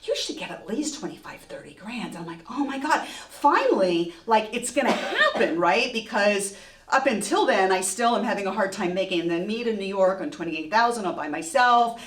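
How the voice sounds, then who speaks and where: Lively storyteller woman, echoey hall. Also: mid-range voice. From Texas. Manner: lively, self-mocking, laughing through the story. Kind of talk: live true-story telling. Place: museum event space before an audience. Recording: echoey room, voice from far off.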